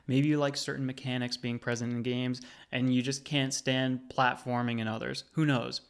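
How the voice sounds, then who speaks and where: A man's voice: medium pitch, little pitch movement, normal speed, vocal fry, clean tone. A man in his thirties, a gaming channel host, narrating a scripted video essay in a conversational, lightly wry way.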